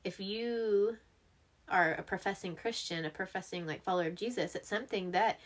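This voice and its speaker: A woman co-hosting a casual chat, talking things through in a relaxed, reflective way. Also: medium pitch, moderate pace. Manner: chatty, laughs along, reflective on faith. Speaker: podcast co-host.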